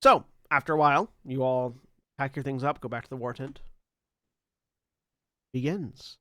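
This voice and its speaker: A man running a tabletop game as game master, narrating loosely with halting pauses and bursts of laughter. His voice is smooth and clear. The sound is dry, with no room echo. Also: mid-range voice, fairly bright tone.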